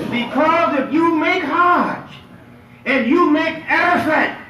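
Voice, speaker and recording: A man preaching a lively Friday sermon as imam, playful and emphatic, drawing responses from the congregation. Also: very high-pitched, slight background noise. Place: mosque prayer hall. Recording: echoey hall, picked up from far off.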